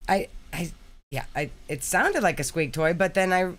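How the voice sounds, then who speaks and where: A woman co-hosting a casual chat, excitable, cursing freely and shrieking when startled. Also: on the low side, normal speed. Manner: coos baby talk at pets. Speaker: co-host.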